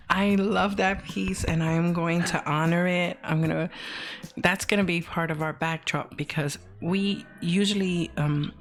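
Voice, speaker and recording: Slow gushy woman cohost on a live stream, laughs a lot, low-ish voice, faint music under. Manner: gushing, laughs often, keeps saying oh my God. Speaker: co-host. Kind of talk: casual live-stream chat.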